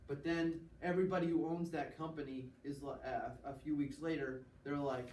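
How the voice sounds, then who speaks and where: A man teaches a classroom lecture, explaining step by step, checking in with students and acting out small examples. His voice is fairly high-pitched with a darkish tone, fairly even intonation and a moderate pace. He's recorded from far off in an echoey classroom with faint noise.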